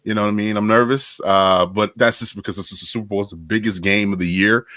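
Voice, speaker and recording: A man with a low voice co-hosts a casual sports fan podcast, excitable and animated, using casual slang as he tells stories. The recording is dry, with no room sound. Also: quick pace, no room sound. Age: adult. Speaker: podcast co-host.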